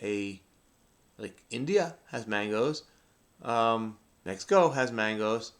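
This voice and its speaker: A man's voice: fairly low pitch, expressive, slow. A middle-aged man hosting a crossword video, thinking aloud as he solves and rambling in a frenetic, self-mocking way.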